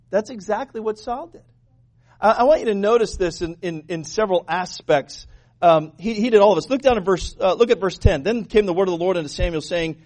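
A man preaching a sermon as pastor, animated and joking, asking the congregation questions. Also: sits high, fast talker.

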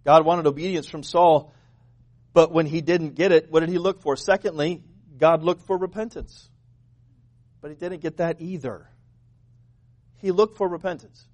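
A man preaching a sermon as pastor, animated and joking, asking the congregation questions. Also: fairly high pitch, moderate pace, long pauses.

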